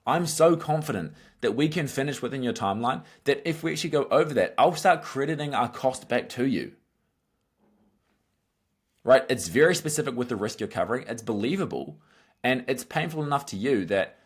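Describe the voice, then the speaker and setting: A man giving an instructional marketing lesson, brisk and emphatic, often checking in with "right?" and "okay?". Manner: acts out sales pitches in quotes. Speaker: marketing coach. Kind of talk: instructional talk to camera.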